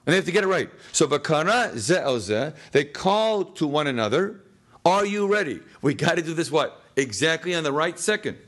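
A man leading a classroom text study in a slightly higher voice. He fires questions at the students and often answers them himself, dropping in little jokes and chuckles as he goes. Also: expressive, fairly quick, few pauses, a bit bright. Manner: jokey, chuckles at his own lines. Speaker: teacher.

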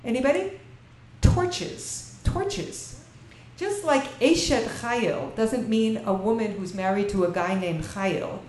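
Speaking slowly in a somewhat high, slightly mellow and expressive voice, the lecturer reads Bible verses in Hebrew and translates them for her audience, asking them questions along the way. The lecture room sounds echoey, with a faint hum of ambient noise.

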